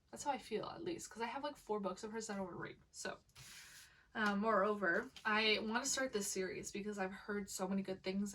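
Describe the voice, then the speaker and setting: A woman chatting to camera as a book vlogger, gushing and excitable, talking in a loose way with lots of fillers. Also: mid-range voice, distant mic, rough recording. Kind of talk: casual chat to camera.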